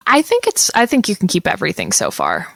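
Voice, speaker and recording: A young woman co-hosting a casual podcast, speaking into a mic with a pop filter. Her voice is bright, with a pitch that swings up and down a lot. She is playful and giggly and swears casually. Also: wildly swooping pitch, fast, vocal fry. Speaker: podcast co-host. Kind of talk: casual chat.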